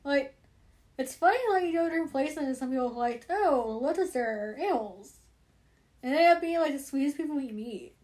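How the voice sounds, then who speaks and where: A woman in casual chat, telling stories in an animated way and laughing often. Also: high-pitched, quick pace. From United States.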